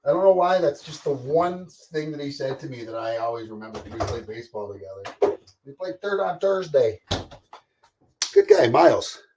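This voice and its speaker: A man's voice: medium pitch, expressive, moderate pace, a little mellow, a little hiss or hum. A man hosting a casual live stream from home, rambling chattily, greeting viewers by name and laughing often. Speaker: livestream host.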